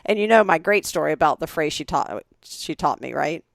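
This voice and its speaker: A woman in her forties, co-hosting a podcast, tells chatty, animated stories and acts out other people's lines. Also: deep voice, brisk, gravelly, no echo, clean studio sound. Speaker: podcast co-host. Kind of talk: casual storytelling chat.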